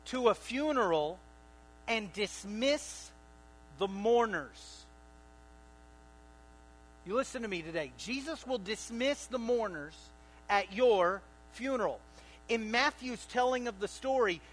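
A man preaching a sermon to a congregation. He swings between loud bursts and quiet asides, and keeps asking the room questions. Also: extremely high pitch, low-quality recording. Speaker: pastor.

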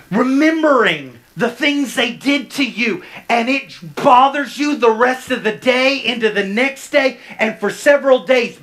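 A man preaching a sermon from the front of a church. He swings from loud, rising bursts to hushed, low stretches and keeps pressing his listeners with repeated questions. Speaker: pastor. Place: church sanctuary, speaking from the front.

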